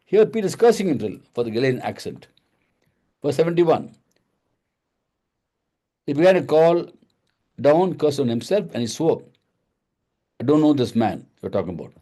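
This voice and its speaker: A man's voice: fairly high pitch, sing-song, normal speed, pauses often, dark tone. A man leading a Bible study, explaining verses one at a time, repeating phrases and asking and answering his own questions.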